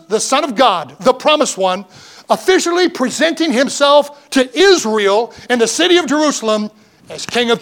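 A man's voice: high-pitched, a bit bright. A man preaching a sermon as pastor, fervent and rising in emphasis, reading scripture aloud in old-fashioned wording.

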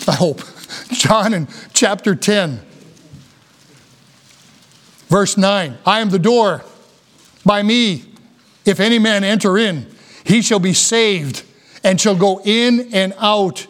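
High-voiced preacher. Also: male voice, fairly bright tone. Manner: reads scripture slowly, then preaches with rising fervor. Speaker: pastor. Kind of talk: sermon.

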